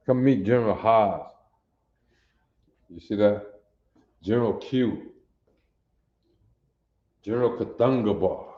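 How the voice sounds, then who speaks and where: A man's voice: lowish voice, reverberant, muffled recording. A man in his sixties teaching a language class over a livestream, folksy and talking straight to viewers, often asking if they see it. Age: 60s. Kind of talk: livestream lesson.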